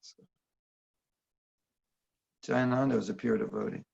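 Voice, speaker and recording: A creaky, fairly low-pitched male voice, a little slow and fairly even in intonation, belongs to a teacher running a casual workshop by video call. He talks conversationally and checks in with questions for the audience. The recording sounds dull and lo-fi.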